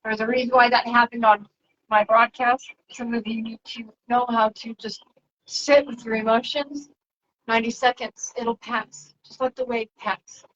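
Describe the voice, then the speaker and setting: Woman, spiritual livestream host, soft and drifting delivery, light high voice. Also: flat delivery, normal speed, lo-fi sound. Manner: soft, reflective, drifting between topics. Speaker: spiritual channeler broadcasting to viewers. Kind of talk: casual spiritual livestream talk.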